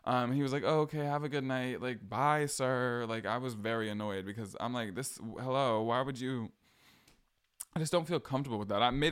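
A young adult man hosting his own podcast, spinning a long personal story in a chatty, sassy voice. His pitch sits in a plain middle range, and he leans on slangy asides as he talks. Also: clean tone. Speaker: podcast host. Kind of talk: casual storytelling monologue.

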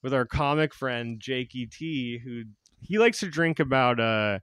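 A man co-hosting a crude comedy podcast, talking loudly and breaking into shouted silly voices. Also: mid-range voice, a little slow, smooth, no echo. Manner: loud, animated, jumps into shouted silly voices. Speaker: podcast co-host.

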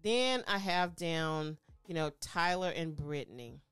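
A podcast co-host in casual chat who goes over the episode and acts out what others said in animated bursts. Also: mid-range voice, unhurried, smooth, no room sound, studio quality. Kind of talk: casual chat recapping reality TV.

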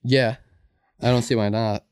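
Man, podcast co-host, easygoing casual chat, mid-pitched, dry sound. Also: fairly even intonation, a little mellow, smooth, no echo. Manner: easygoing, agreeable, halting restarts.

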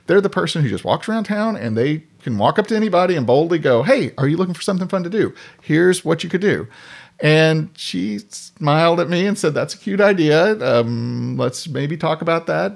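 A man of medium pitch with noticeable vocal fry appears as a podcast guest, telling stories in casual conversation and animatedly acting out the voices of people from his anecdotes.

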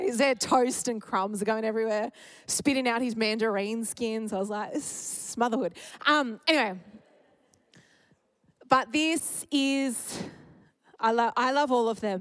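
A woman, preaching a sermon in a candid, heartfelt way that often slips into laughter. Her voice sits a little high, and the close mic gives it a dry sound with no room echo. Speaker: speaker at church.

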